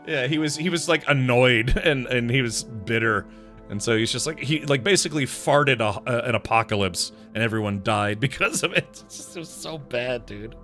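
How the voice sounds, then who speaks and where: A man's voice: mid-range voice, normal speed, sharp tone, soft background music. A man streaming a video game live, chatting casually with his viewers, rambling, laughing often and restarting his sentences. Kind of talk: casual live-stream chat while gaming.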